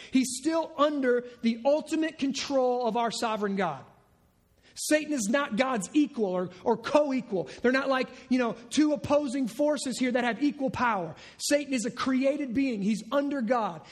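A pastor preaching a sermon with animated energy, often dropping to low, muttered asides and rhetorical questions to the congregation. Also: male voice.

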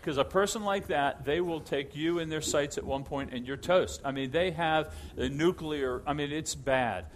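A middle-aged male pastor preaching a sermon, telling stories with lively restarts and repeated words. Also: fairly high pitch, normal speed, few pauses, slight background noise. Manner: animated storytelling with repeated restarts.

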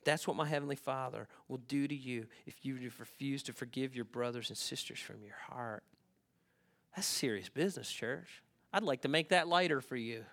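A man preaching a sermon in a conversational way, often checking in with his listeners and swinging between hushed asides and loud, emphatic bursts. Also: mid-range voice. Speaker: pastor.

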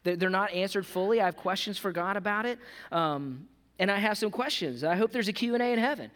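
A male pastor with a high, light voice preaching in a big hall, and the sound rings with a long reverb. He talks casually, calling the crowd "gang", then drops to a near-hush before rising loud again. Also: a little fast. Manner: swings between hushed earnest lows and loud animated highs; conversational, calls the audience "gang". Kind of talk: sermon.

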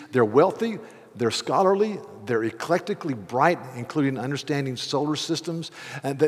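Man preaching in an echoing hall. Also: mid-range voice. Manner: conversational storytelling, animated asides. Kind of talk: sermon.

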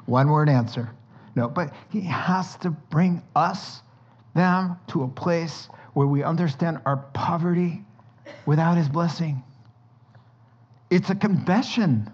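Man, pastor, sermon, lively storytelling, higher voice, muffled lo-fi sound. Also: measured pace, slightly rough.

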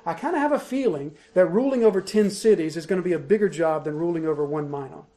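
A man's voice: on the high side, quick pace, mellow. A man preaching an expository sermon, emphatic and driving home key points by repeating them. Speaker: pastor.

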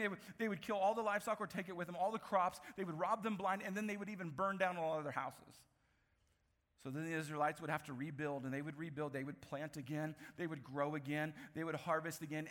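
A man preaching a sermon, telling a Bible story with lively, acted-out voices and frequent laughs. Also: a little high. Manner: animated storytelling, acts out voices, laughs often. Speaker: pastor. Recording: echoey hall recording.

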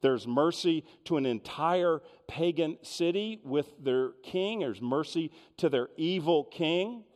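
Guy preaching, chatty storyteller, voice ringing round a big hall. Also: on the high side. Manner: conversational, expressive storytelling. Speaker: pastor. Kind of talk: sermon.

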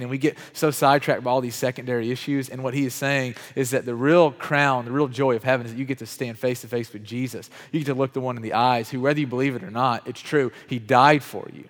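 A man's voice: mid-range voice, fast talker, hardly any pauses. Conversational male pastor in a reverberant hall. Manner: conversational, asks the congregation questions directly; frequent "like" and repeated false starts. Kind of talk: sermon. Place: church hall with chairs.

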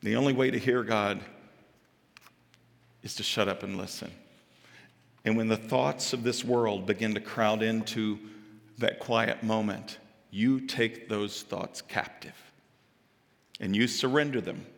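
A male pastor preaching a sermon, animated and dramatic, swinging from loud exclamations to hushed asides. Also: lowish voice, unhurried, gravelly, long pauses. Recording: echoey hall with long reverb.

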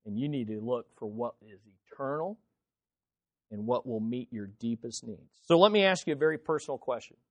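A male pastor preaching a sermon to his congregation, firing off rhetorical questions and swinging from quiet to loud. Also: mid-range voice, expressive, normal speed, no echo. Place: church service.

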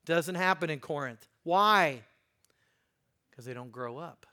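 A man preaching a sermon, animated and emphatic, reading scripture and swinging from loud bursts to quiet asides. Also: slow. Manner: animated, emphatic preaching with sudden jumps in pitch and loudness. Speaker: pastor.

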